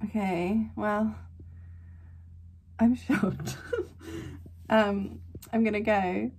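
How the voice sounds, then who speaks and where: A woman hosting a casual anime reaction, excitable and gasping, swinging between squeals and quiet murmurs. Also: mid-range voice, drawn-out words, slight background noise. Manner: excitable, gasping, frequent exclamations. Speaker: anime reaction channel host.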